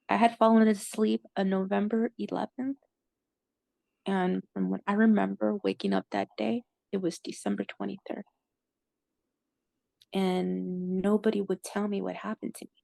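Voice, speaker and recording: A woman telling a personal story in a halting way, with many "like" fillers and moments where she loses her words. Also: medium pitch, steady tone, vocal fry, darkish tone, dry recording. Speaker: interviewee recounting a near-death experience.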